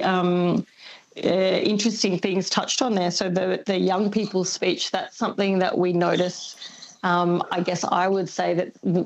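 A woman's voice: lowish voice, lo-fi sound. A woman speaking as an expert guest in a radio interview, thoughtful and hedging, often laughing lightly.

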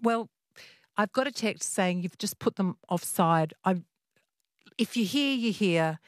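A woman hosting a national radio phone-in at night, asking quick questions and teasing her callers. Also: medium pitch, expressive, no echo, clean studio sound. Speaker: radio host. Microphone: studio microphone.

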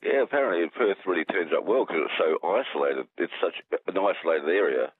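A man's voice: deep voice, animated, fairly quick, slight background noise. An Australian man calling in to a radio show, rambling and joking. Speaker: caller. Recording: tinny phone line.

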